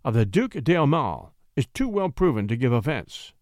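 Man playing a brooding weary king, wistful musing, animated pitch, dry close sound. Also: normal speed, dry recording, lightly acted. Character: melancholy brooding male king, dreamy and weary.

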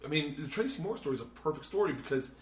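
A man hosting a podcast, telling a long story in casual chat, swearing a lot and rambling with animated energy. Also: a little high, very fast. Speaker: podcast host and comedian. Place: hotel room. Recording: roomy hotel room echo.

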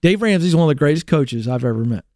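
A man with a fairly high speaking voice hosts a career advice talk show. He lays out his points emphatically and circles back to repeat them. The sound is close and dry. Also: fast talker, dry recording. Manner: energetic and emphatic, with repeated lines and asides.

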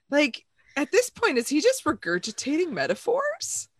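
A young woman co-hosting a podcast, giggly and animated, tossing out quick jokes. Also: high voice, no echo. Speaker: podcast co-host. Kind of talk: casual chat.

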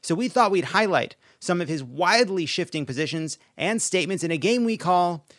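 A man hosting a comedic political show, energetic and sarcastic. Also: sits high, no echo, clean studio sound. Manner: sarcastic, energetic, quick jokes. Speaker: podcast host.

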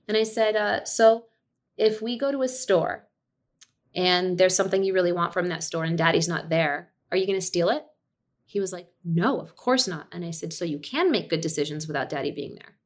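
On the low side and at a moderate pace, a woman in her thirties, an actor and director, tells a family story as a podcast guest. She's an animated storyteller in this casual chat, acting out the lines she quotes and laughing easily.

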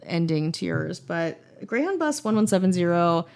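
Woman podcast co-host, casual chat, gravelly voice, lively pitch, lowish. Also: moderate pace. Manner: chatty, trails off with fillers.

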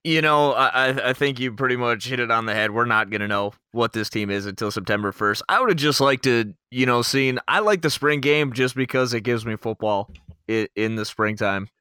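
A man's voice: mid-range voice, moderate pace, pushed and bright, clear, resonant tone, no room sound, studio quality. A man co-hosting a casual sports podcast and giving earnest, emphatic opinions. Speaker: podcast co-host.

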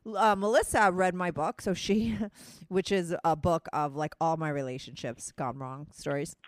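A podcast host in her thirties speaks with a deep voice, fairly even intonation and a moderate pace, in a New Jersey or New York accent. On this casual phone call she's blunt, teasing a friend and using plenty of fillers. Clean studio sound, no echo.

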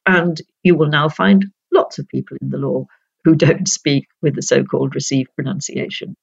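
Older woman guest, measured and precise, gravelly and husky, dry slightly dull recording. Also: low voice, no room sound. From North Yorkshire, England. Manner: measured, precise, laughs often. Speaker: guest, retired senior judge. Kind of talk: reflective interview storytelling.

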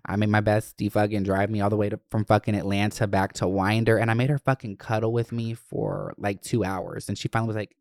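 Smooth-voiced young man telling stories. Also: lowish voice, brisk, few pauses, dry recording, studio quality. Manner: profane, animated, acts out quoted voices. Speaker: storyteller. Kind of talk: casual storytelling.

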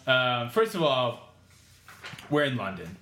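Us guy cohosting, animated sing-song delivery, sarcastic running commentary. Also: medium pitch, slow pace, faint music behind. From United States. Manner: sarcastic, steers the discussion. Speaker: podcast co-host. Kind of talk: casual chat.

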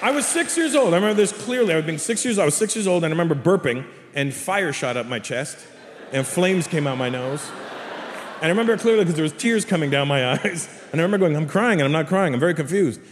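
A male stand-up comedian telling a story on stage in an animated, emphatic way, heard in a live recording with reverb and room noise. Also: fairly high pitch, fast.

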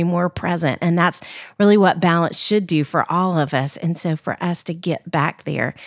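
A woman's voice: fairly low pitch, no room sound, studio quality. A woman co-host wrapping up a podcast episode in an earnest, encouraging way. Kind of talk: reflective podcast wrap-up.

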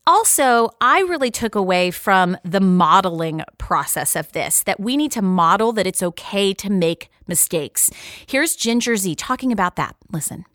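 Mom cohost recapping episodes, steady voice, dry close mic. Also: female voice, medium pitch, moderate pace, no echo. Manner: earnest, summarizing and introducing clips. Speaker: podcast co-host and mother. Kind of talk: reflective chat.

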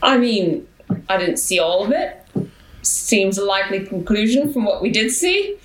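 A woman's voice: medium pitch, lively intonation, moderate pace, roomy sound, low-quality recording. A woman playing a tabletop game, speaking in character in a casual, hesitant, polite way. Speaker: player. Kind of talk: in-character role-play.

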